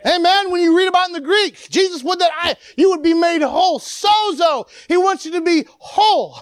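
A preacher giving an animated sermon, acting out the people in the story and swinging between loud and quiet. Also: very high voice, a little fast, hardly any pauses, dry recording. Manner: animated, acts out the people it quotes.

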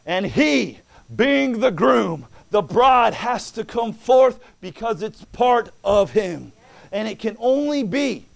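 A male preacher delivering a sermon, moving from quiet talk into fervent preaching. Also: high-pitched, very animated, takes it slowly, creaky.

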